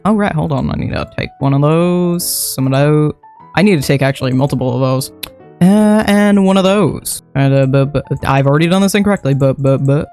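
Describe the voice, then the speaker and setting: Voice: medium pitch, darkish tone. A gameplay commentator talking casually while playing, rambling and correcting themself with playful asides.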